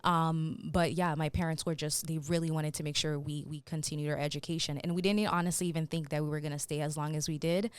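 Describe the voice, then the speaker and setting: A woman's voice: sits low, fairly even intonation, fast talker, hardly any pauses, clean tone, no echo. A young woman from Haiti, a guest in a casual interview, speaking in an earnest and reflective way.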